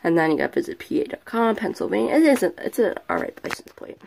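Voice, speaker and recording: A man's voice: sits high, sing-song, fast talker, vocal fry, a little mellow, a little hiss or hum. A male vlogger giving a casual show-and-tell from his bedroom, chatty and rambling, often correcting himself mid-sentence. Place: bedroom at home.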